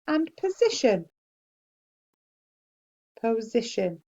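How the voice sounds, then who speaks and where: A woman teacher giving a slow, clear spelling dictation to young children and praising them gently. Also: on the high side, very animated, highs cut off. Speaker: primary school teacher.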